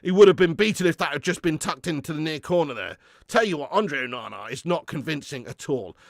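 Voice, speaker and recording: Sweary excitable football fan host. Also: male voice, fairly high pitch, fairly quick, gravelly, no echo, studio quality. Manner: sweary, excitable, reads out viewer comments. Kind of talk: live football watch-along commentary.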